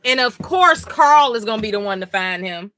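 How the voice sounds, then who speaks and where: A woman's voice: a little high, animated, moderate pace, sharp tone. A sleepy woman streamer reacting live as she reads a comic, blunt, profane and exasperated. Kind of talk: casual live reading reaction.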